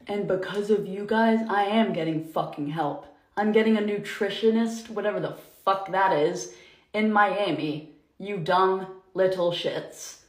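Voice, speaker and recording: Angry swearing young woman ranting. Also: on the low side. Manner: angry, profane, emotional rant. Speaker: influencer. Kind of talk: ranting storytime video. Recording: echoey room.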